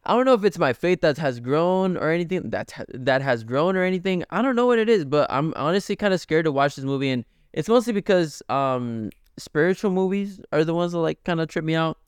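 A man's voice: on the high side, animated, a little fast, few pauses, clean tone, dry recording, clean studio sound. A man co-hosting a podcast in casual chat, loose and rambling, with many fillers. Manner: loose and chatty, lots of fillers. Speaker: podcast co-host.

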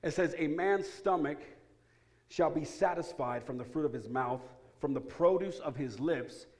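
A man pastor delivering a sermon in a church, shifting between quiet, earnest prayer and loud, joking storytelling. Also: a little high, moderate pace. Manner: energetic, humorous, swings from hushed prayer to loud excitement. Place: church sanctuary.

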